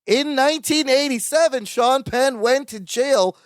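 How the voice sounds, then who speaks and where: A man's voice: extremely high pitch, unhurried, no room sound, studio quality. A man co-hosting a podcast, chatting casually as he recaps a sitcom episode and playfully acts out the characters' lines. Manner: animated, acts out quoted lines in playful voices. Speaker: podcast co-host.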